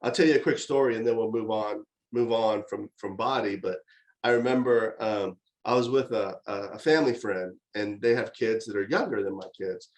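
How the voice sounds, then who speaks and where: A middle-aged man giving a conversational university lecture on parenting, telling stories in an animated way with frequent fillers and restarts. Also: fairly low pitch, moderate pace, rough recording.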